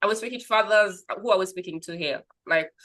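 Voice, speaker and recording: A woman hosting a podcast in casual conversation, animated and rambling, acting out little quoted scenes. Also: medium pitch, quick pace, poor audio. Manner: animated storyteller, acts out quoted voices; rambling, restarts. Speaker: podcast host.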